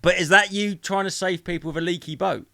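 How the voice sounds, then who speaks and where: A man's voice: sits high, brisk, vocal fry, sharp tone, dry recording, studio quality. A man hosting a podcast in casual chat, chatty and swearing freely. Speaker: podcast host.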